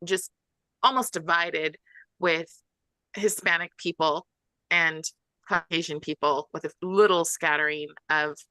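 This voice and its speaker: Bright-voiced woman, dry close sound. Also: low-pitched, steady tone, a little slow, no echo. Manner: earnest, frequent restarts. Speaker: podcast guest. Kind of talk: casual discussion.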